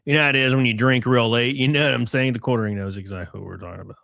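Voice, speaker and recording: Male streamer with an Alabama drawl, mid-pitched, crude and rambling, dry close mic. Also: fairly even intonation, racing, vocal fry, fairly bright tone, no room sound. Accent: Alabama Southern. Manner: rambling, crude, joking asides. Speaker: streamer reading chat. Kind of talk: casual livestream commentary.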